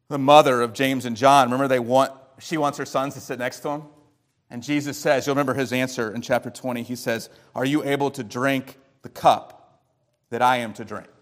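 A man, a pastor, preaching an expository sermon that teaches through the scripture and poses rhetorical questions, shifting his loudness and pace for emphasis. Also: mid-range voice.

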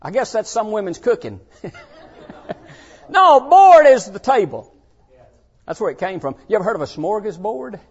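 An older man preaching a folksy sermon to young people, swinging between shouted points and hushed asides. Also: high-pitched, big pitch swings, normal speed, pauses often, husky. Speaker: pastor. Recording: dull lo-fi sound.

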